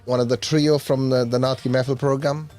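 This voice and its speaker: A man's voice: medium pitch, flat delivery, brisk, darkish tone, faint music behind. A man with an English accent hosting a community radio drive-time show, reading listener messages with easygoing, teasing banter.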